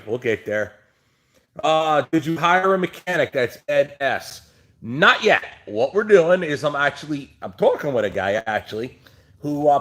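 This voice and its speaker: A middle-aged man from New Jersey, a trucking channel host, chatting loosely on a livestream from his truck shop and reading out viewer comments. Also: medium pitch. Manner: rambling, loose, with many fillers.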